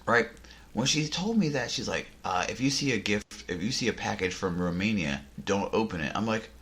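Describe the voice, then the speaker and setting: Deep-voiced man telling a rambling story. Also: moderate pace. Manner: rambling, self-interrupting, deadpan jokes. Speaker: podcast host. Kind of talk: casual storytelling chat. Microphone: headphones and desk mic.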